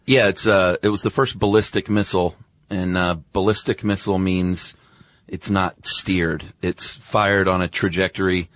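A man's voice: low-pitched, steady tone, moderate pace, a bit bright, dry recording. A man co-hosting a casual podcast chat, enthusiastic and explaining things step by step. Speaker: podcast co-host.

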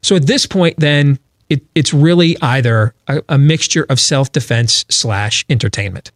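A man's voice: medium pitch, normal speed, dry recording, studio quality. A man hosting a political talk show, talking emphatically with rhetorical questions and frequent restarts.

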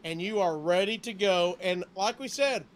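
A man co-hosts a podcast, asking questions and doing an upbeat, casual ad read. His voice sits notably high for a man. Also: moderate pace, slight background noise. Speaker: podcast co-host.

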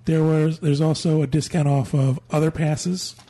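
A man's voice: on the high side, level tone, moderate pace, dark tone. A man co-hosting a podcast, giving matter-of-fact advice in casual chat. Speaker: podcast co-host.

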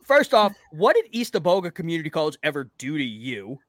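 Bright-voiced joking podcast man. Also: on the high side, very animated, brisk, no room sound, studio quality. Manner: profane, joking banter. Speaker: podcast co-host. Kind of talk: casual sports chat.

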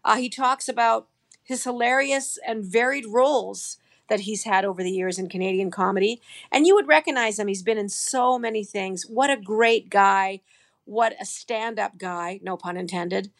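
A woman's voice: medium pitch, normal speed. A woman introducing guests at the start of a show, upbeat. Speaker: host.

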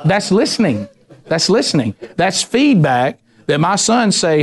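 Animated preacher telling family stories. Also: male voice, high voice, a little slow. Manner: animated storyteller, acts out voices, ranting bursts. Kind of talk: sermon with personal stories.

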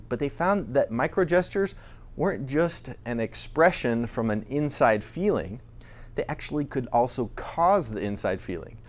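A man presenting a casual talk to a small audience, speaking in a chatty, conversational way with frequent restarts. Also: medium pitch. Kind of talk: casual lecture on voice recording.

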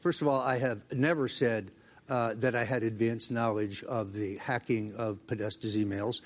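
Insistent male guest rebutting fast. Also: mid-range voice, steady tone. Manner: insistent, defensive, rapid rebuttals. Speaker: political operative guest. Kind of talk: combative talk-show debate.

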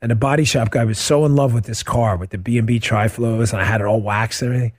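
A middle-aged man hosting a radio talk show, chatting casually and answering listener questions as an animated, joking storyteller. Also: mid-range voice, fast. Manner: animated, joking storyteller who acts out quotes.

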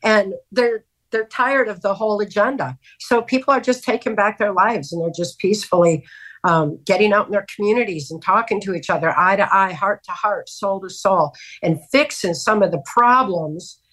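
A woman's voice: medium pitch, moderate pace, a bit bright, low-quality recording. A woman on a podcast panel, speaking earnestly and with emphasis. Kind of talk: casual panel talk.

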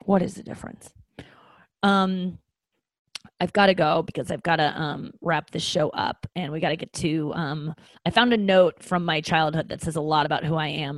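A woman in her thirties with a lowish voice, talking straight to her listeners in a loose comic monologue. She is frank, self-mocking and profane, full of ums and restarts, and sounds close and dry with no room echo. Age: 30s. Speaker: comedian hosting a podcast. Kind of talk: casual comedic monologue.

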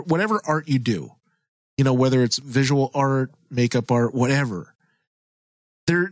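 A man guesting on a podcast, talking earnestly and a bit haltingly. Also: mid-range voice, no echo. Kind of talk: casual chat.

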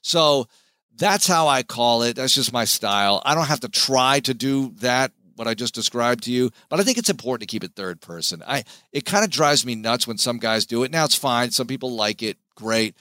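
A man, a sports play-by-play announcer, giving an animated, emphatic interview as a podcast guest. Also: mid-range voice, normal speed, no echo.

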